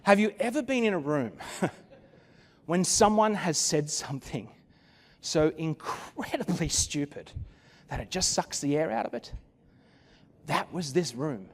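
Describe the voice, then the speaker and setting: A man's voice: on the high side, expressive, a little slow, long pauses, big-room sound. Man telling a keynote story. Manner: dramatic storytelling with wry asides. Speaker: keynote speaker. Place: conference venue.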